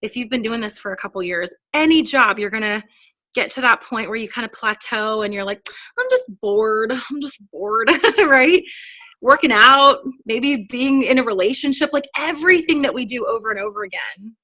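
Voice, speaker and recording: Bright, upbeat woman trainer. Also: a little high, expressive, moderate pace, no echo. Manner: chatty and upbeat, acts out quoted dialogue. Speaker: direct sales team trainer. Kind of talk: casual motivational training talk.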